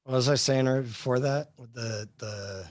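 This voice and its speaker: A man's voice: medium pitch, normal speed, a little mellow, no echo. Rambling man teaching history, dry sound. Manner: rambling, many fillers and restarts. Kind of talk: casual live class discussion.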